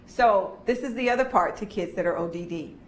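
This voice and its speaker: A woman's voice: medium pitch, a little fast. Woman trainer leading a workshop. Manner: animated, acts out kids' voices in stories. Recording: echoey room with faint noise.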